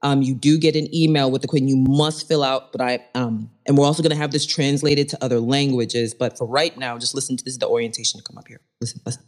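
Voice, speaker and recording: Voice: medium pitch, fairly even intonation, quick pace, hardly any pauses. A host of a live audio chat show, joking in casual slang, laughing often and teasing the guests. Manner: playfully teasing.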